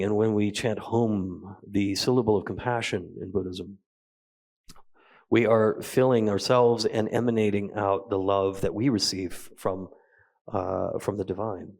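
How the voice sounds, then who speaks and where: A man teaching a meditation practice at a retreat, talking slowly and gently with soft pauses. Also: fairly low pitch, gravelly. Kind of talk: guided meditation talk. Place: retreat hall.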